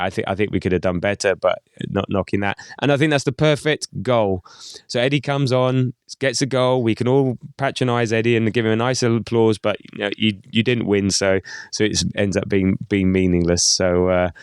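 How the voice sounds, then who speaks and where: A man co-hosting a casual football podcast, talking in a halting way with many restarts and repeated words. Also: on the low side, clean tone, no room sound, clean studio sound. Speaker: podcast co-host.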